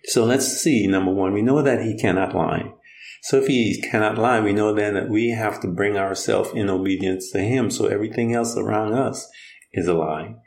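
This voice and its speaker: A gravelly, fairly low-voiced man preaches in an easy conversational way. He retells scripture and acts out the quotes as he goes. His voice rings in a roomy, echoing space. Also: normal speed, a little mellow. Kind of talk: conversational sermon. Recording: roomy echo.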